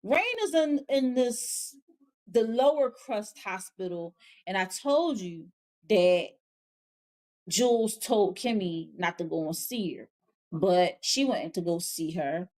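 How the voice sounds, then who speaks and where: A woman host walks through a TV episode in a casual spoken review, taking her time with each point. Her talk is slangy and chatty, broken by blunt, exasperated comments, at an ordinary middle pitch. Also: expressive, takes it slowly, a little mellow. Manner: chatty, slangy recapping with frank, exasperated asides.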